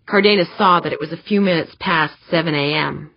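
A woman narrating an audiobook in a steady, measured reading. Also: low-pitched, gravelly, no room sound. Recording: dull, muffled dry recording.

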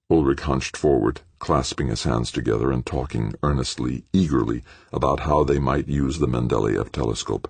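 A man's voice: rumbling low, normal speed, vocal fry, few pauses, a little mellow, slightly rough, no room sound. A man reading a novel aloud as an audiobook narrator. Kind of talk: scripted narration.

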